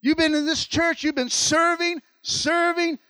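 A man, preaching a sermon in a high-pitched voice. He repeats phrases and calls out to the congregation. The sound is dry and close, with no room echo. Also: fairly even intonation, unhurried, pushed and bright. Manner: preaching with call-outs and repetition. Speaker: pastor.

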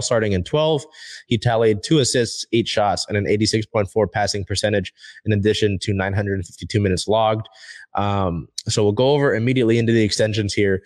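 A man's voice: lowish voice, no room sound. A young man hosting a casual sports talk show, rambling with lots of fillers and restarts.

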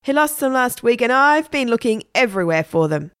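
A woman's voice: on the high side, very animated, fairly quick, fairly bright tone, clear, resonant tone, no echo, studio quality, pitched above the performer's own voice. A woman voicing an indignant, persistent young boy who keeps pressing his questions in a raised voice. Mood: insistent.

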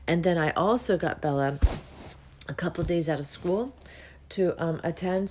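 Middle-aged woman rambling on her spiritual podcast, kinda low voice, yawning a lot. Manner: yawns often while talking, relaxed and meandering. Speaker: podcast host.

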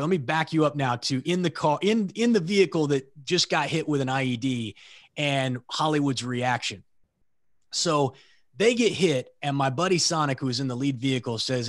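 A middle-aged man, a military veteran guest on a podcast, telling war stories casually, swearing freely and jumping high when he imitates comrades. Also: normal speed, no echo, clean studio sound. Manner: animated storyteller, swears freely, voices comrades in a high excited pitch. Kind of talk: casual storytelling.

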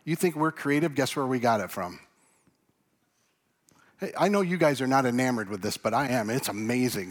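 A man preaching a sermon, animated, swinging from loud emphasis to hushed tones. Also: mid-range voice, normal speed. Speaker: pastor. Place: church.

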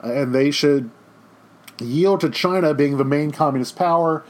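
A man's voice: on the high side, normal speed. Chatty man giving a joking history lecture. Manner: joking, chatty, off-the-cuff asides. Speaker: history teacher. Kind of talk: casual lecture with slides.

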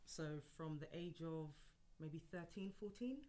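A woman's voice: deep voice, measured pace, dark tone. A woman from a Ghanaian family who works as a dance practitioner, telling her personal story openly in a group conversation. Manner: open and frank, breaks into light laughter. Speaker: holistic dance practitioner, guest. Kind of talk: candid personal storytelling in a panel chat.

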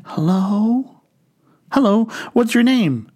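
A man's voice: high voice, animated, takes it slowly, a little mellow, pitched above the performer's own voice, exaggerated voice. A man voicing a flustered male telemarketer whose polite questions grow anxious and alarmed.

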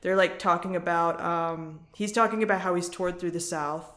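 A woman's voice: lowish voice, fairly even intonation, normal speed, a bit bright. Swearing chatty woman, echoey room. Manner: frank, swears freely, jokey impressions. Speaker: podcast co-host. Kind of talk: casual chat recapping a reality show.

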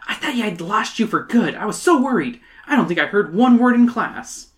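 Anxious schoolgirl, as a reader puts her on, urgent, pleading, high-pitched, lively. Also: normal speed, close to an everyday voice. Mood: worried.

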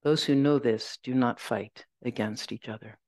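A woman Zen teacher giving a dharma talk, reflective and gentle, telling a personal story and reciting verses slowly. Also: a bass voice, no echo.

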